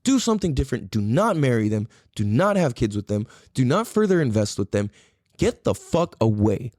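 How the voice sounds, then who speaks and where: A man's voice: mid-range voice, big pitch swings, moderate pace, darkish tone, no echo, studio quality. A male podcast host delivering a heated solo rant, blunt and profane, lecturing the listener with commands and rhetorical questions. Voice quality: profane, blunt, repetitive emphatic phrasing.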